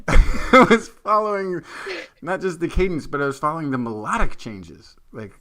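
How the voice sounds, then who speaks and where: A man's voice: a little high, lively intonation, normal speed, a bit bright. A man co-hosting a science podcast, talking casually, rambling and restarting as he hunts for words. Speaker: podcast co-host.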